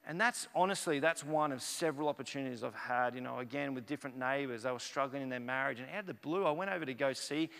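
Fast, bright-voiced pastor. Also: male voice, mid-range voice, vocal fry. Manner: animated storyteller acting out dialogue. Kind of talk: sermon with personal storytelling. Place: church. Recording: echoey church hall.

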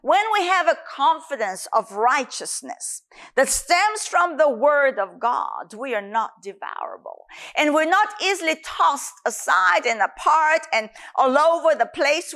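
High-voiced woman preaching a sermon. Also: fairly bright tone. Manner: earnest, repetitive emphatic phrasing.

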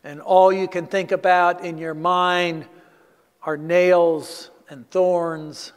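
A man preaching a sermon, leading a slow guided meditation with soft, hushed passages. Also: high voice. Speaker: pastor. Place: church sanctuary. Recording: long reverb of a church hall.

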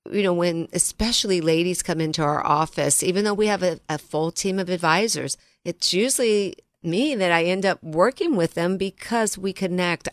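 A woman's voice: lowish voice, no room sound, studio quality. A woman financial advisor on a talk show, telling client stories earnestly and often turning to her co-host by name.

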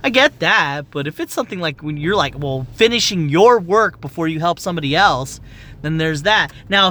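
A young adult vents in a heated, swear-filled rant. The voice is bright and sharp, with pitch that swings widely. A low vehicle rumble runs faintly behind. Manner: heated, profane, exasperated. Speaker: medical office worker. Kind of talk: ranting monologue.

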